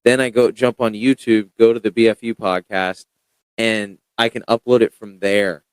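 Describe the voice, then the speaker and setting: A young man talking loudly and excitedly in a casual podcast chat, full of slang. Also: fairly low pitch, moderate pace, clean tone, dry recording. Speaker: podcast guest.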